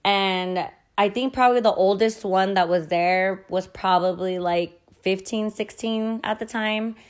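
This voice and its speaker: A woman's voice: medium pitch, unhurried, smooth. A young woman hosting a podcast, telling a childhood story in a casual, chatty way, full of fillers and quoted dialogue, with casual swearing. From Mexican-American family. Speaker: podcast host.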